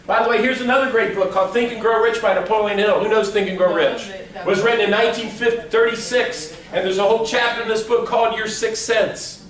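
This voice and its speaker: A man's voice: high-pitched, fairly quick, few pauses, far from the mic, crowd noise. Joking man speaking in an echoey hall. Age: middle-aged. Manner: joking, playful storytelling with acted-out quotes. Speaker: motivational speaker. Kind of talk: humorous keynote speech. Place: large hall before a live audience.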